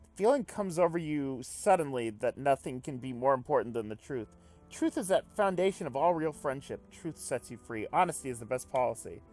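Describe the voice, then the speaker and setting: Excitable man reading a game aloud. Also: mid-range voice, fairly quick, soft background music. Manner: excitable, swears, jumps between reading and reacting. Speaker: let's play host. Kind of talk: reading a visual novel aloud with commentary.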